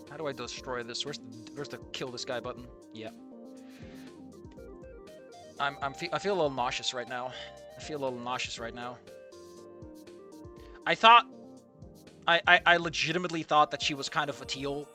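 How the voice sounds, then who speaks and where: A streamer reacting to a fan comic in casual live commentary, excitable and swearing, jumping between shouted outbursts and low muttering. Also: fairly quick, soft background music.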